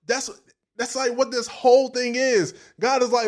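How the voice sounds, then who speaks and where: A man with a high voice and delivers a sermon with big swings in volume and emphasis. He drops to near-whispers for asides, then punches key lines hard. He also acts out other people's voices as he preaches. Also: moderate pace. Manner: animated preaching, dramatic swings between soft and loud.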